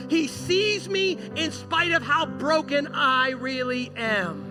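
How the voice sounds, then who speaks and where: A man delivering a sermon with a notably high-pitched voice, telling the story with lively acted-out dialogue. Music plays clearly underneath him the whole time. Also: measured pace, few pauses. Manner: animated storytelling, acting out quoted dialogue. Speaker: pastor. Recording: music playing behind.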